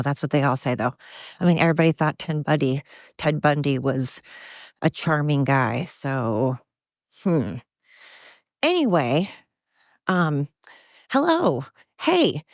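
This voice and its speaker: Female podcast host, low voice, tired and out of breath, blunt rambling solo chat, dry lo-fi outdoor recording. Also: no echo. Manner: chatty, blunt, self-deprecating, drifts off topic. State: exhausted and winded. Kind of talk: rambling casual monologue.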